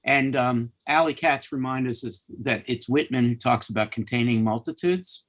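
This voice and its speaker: A man moderates an on-stage conversation, reading out comments with a lifted voice. He stumbles a little at the start of his turns, then settles into steady reading. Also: mid-range voice, normal speed. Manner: stammers on starts, reads quotes in lifted voice. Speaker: host, interviewer.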